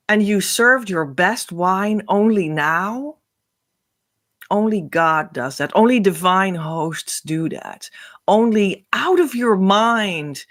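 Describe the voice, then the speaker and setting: A woman's voice: mid-range voice, fairly bright tone. A woman hosting a spiritual podcast, telling a parable in an earnest, emotional, rambling way, often restarting her sentences. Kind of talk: spiritual storytelling monologue.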